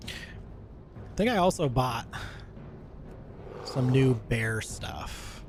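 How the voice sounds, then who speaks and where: A male gaming streamer in casual, rambling commentary. He speaks at an ordinary mid pitch and gets enthusiastic with slangy excitement while he plays. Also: extremely slow, slight background noise.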